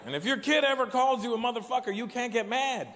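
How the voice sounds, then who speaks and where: A man in his forties performing a stand-up comedy set, telling stories animatedly with profanity and loud punchlines. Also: very high-pitched, fast, slight background noise. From Canada. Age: 40s. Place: large live venue. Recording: echoey hall with live crowd ambience.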